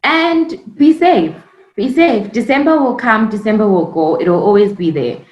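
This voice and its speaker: Brief: young South African woman, emphatic podcast co-host, mid pitch, roomy echo. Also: expressive, normal speed, darkish tone, lo-fi sound. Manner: laughing, emphatic, advice-giving. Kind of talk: casual podcast chat.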